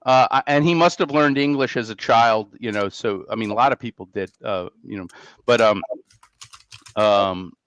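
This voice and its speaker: A man's voice: lowish voice, normal speed, a bit bright, dry recording. A man hosting a casual podcast chat, talking in a hesitant way with many restarts. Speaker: podcast host. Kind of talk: casual conversation. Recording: dry, muffled mic sound.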